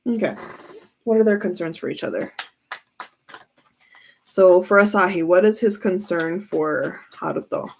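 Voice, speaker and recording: A woman giving a casual tarot reading who keeps breaking into giggles as she talks. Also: medium pitch. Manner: giggly, often breaks into laughter. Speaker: tarot reader.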